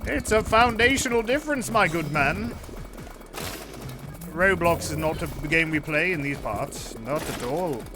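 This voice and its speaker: Man voicing a stuck-up posh gent, lecturing and condescending, raised and loud. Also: on the high side, expressive, measured pace, over music, voice pushed up. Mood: haughty. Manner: haughty, lecturing. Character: pompous posh English gentleman, condescending.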